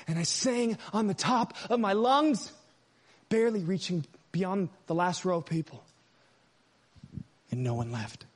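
Preacher, very high-pitched man, dynamic storytelling sermon delivery. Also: slightly rough. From United States. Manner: dynamic, swings from hushed asides to loud emphatic lines.

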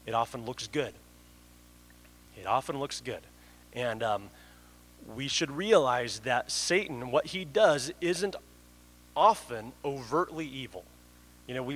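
A man's voice: medium pitch, a bit bright, rough recording. A man preaching a sermon in an earnest way, often restarting his sentences. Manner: earnest, with frequent restarts and fillers. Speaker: pastor.

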